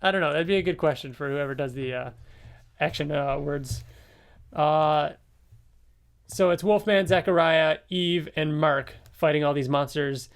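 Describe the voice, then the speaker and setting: A man's voice: fairly high pitch, vocal fry, clean tone. A man hosting a podcast, casually recapping a comic book story with lots of fillers. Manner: rambling recaps with fillers and quick laughs. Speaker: podcast host.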